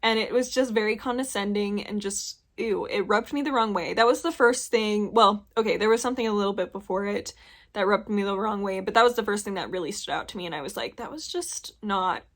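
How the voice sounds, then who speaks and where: A woman's voice: mid-range voice, fast. A young woman reviewing a book in a casual, rambling chat, frank and full of filler words.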